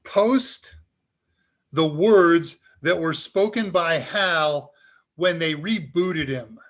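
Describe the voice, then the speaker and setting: A man hosting a live tech Q&A, talking casually and chuckling as he demonstrates software. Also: fairly high pitch, very slow. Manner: casual and upbeat, chuckles often. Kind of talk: live demo talk.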